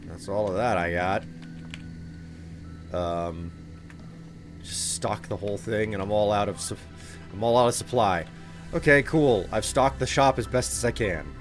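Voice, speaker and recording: A man's voice: on the low side, a little slow, pauses often. A man streaming a game live, chatting casually and thinking aloud as he plays. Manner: casual, rambling, thinking aloud while playing. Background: game music.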